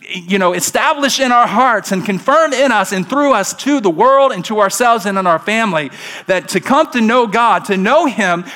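A man, a pastor, preaching a conversational sermon at a church service, moving from quiet asides to emphatic calls. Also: high voice.

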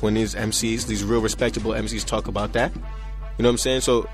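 A young man with a fairly low voice tells his story casually and quickly in an interview, with faint music behind him. He's animated, acts out the voices of the people in it, and often says "you know what I'm saying."

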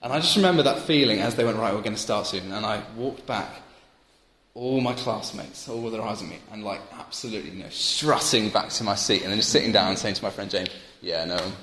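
A man's voice: fairly low pitch, fast talker. A young man preaching a sermon, telling stories and building to emphatic points. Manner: storytelling, animated, builds to emphatic peaks. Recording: roomy church hall with long reverb.

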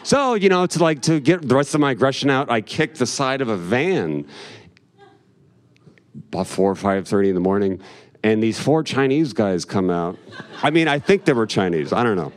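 A man's voice: medium pitch, lively intonation, moderate pace. A man doing stand-up, telling a long, profane story in a rambling way and laughing along as he goes. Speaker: stand-up comedian.

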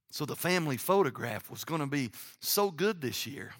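A middle-aged man preaching a sermon as pastor, telling family stories and reading scripture aloud, sometimes dropping to a hushed low voice. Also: normal speed. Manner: animated storytelling with sudden drops to a hushed, low voice; reads scripture aloud, acting out the characters' lines.

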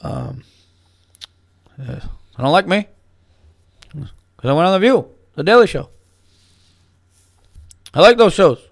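A man doing an impression of a male president, speaking in a halting, drawn-out way with pauses. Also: high voice, big pitch swings, dry recording, studio quality, voice pushed up, exaggerated voice. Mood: mock-serious.

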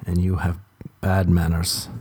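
A man's voice: low voice, completely flat delivery, measured pace, darkish tone, breathy edge, dry recording. A man talking in a casual comedic monologue, rambling and self-mocking, swearing constantly as he drifts between asides.

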